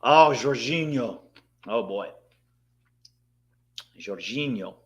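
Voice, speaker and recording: A man hosting a live watchalong, reacting excitedly to the match and chatting to his viewers. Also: medium pitch, drawn-out words. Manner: excitable, bursts out at big moments, talks to chat. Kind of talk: live match commentary and chat.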